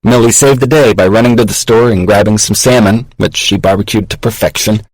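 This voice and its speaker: A man narrating an audiobook in a measured, reflective way, recorded on a close studio mic. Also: fairly low pitch, fairly even intonation, a little mellow, dry recording, poor audio. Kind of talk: scripted narration.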